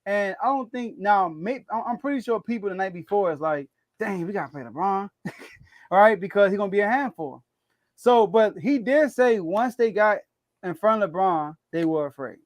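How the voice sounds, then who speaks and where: High-voiced, animated man debating basketball. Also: normal speed, dry recording. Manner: animated, laughs often, repeats words as he thinks aloud. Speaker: sports podcast co-host. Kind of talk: casual sports debate.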